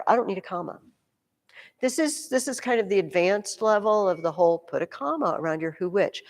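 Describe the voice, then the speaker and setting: A woman teaching a classroom grammar lesson, animated, speaking directly to her students with quick asides. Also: mid-range voice, big-room sound. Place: large classroom with a reverberant sound.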